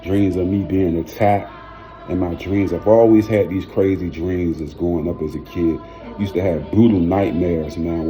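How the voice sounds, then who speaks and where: A man's voice: low voice, dark tone. A man hosting his own video, telling a story casually in a slangy way and filling his talk with "man" and "you know what I'm saying". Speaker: vlog host. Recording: music playing under the voice. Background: music.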